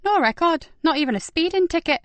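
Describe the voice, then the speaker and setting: A woman narrator voicing a brisk, wry female police constable, raised and lively. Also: extremely high pitch, no room sound, voice pushed up.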